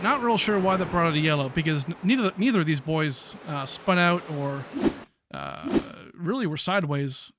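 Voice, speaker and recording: High-voiced excitable male race commentator. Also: slight background noise. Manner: excitable, chatty, frequent fillers. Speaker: sim racing play-by-play commentator.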